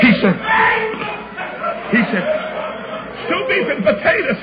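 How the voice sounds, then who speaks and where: A man preaching, telling a folksy story and acting out the voices in it, building up to shouts. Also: very high-pitched, sing-song, measured pace, pauses often, over a noisy crowd. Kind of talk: storytelling sermon. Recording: dull lo-fi recording with clear background hiss.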